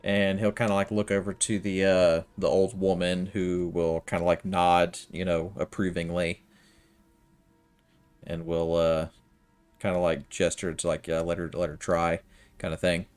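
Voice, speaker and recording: Deep, smooth-voiced game master. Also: male voice, level tone, measured pace, darkish tone, soft background music. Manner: loose and hesitant, full of "kinda" and "you know". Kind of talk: narrating a tabletop game.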